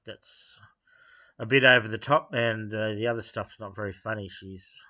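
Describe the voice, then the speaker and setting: A man talking off the cuff in a blunt, dismissive way, pausing often with fillers as he gives his opinions to camera. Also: lowish voice, fairly even intonation, bright, forceful tone. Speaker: video host giving opinions. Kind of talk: unscripted opinion monologue.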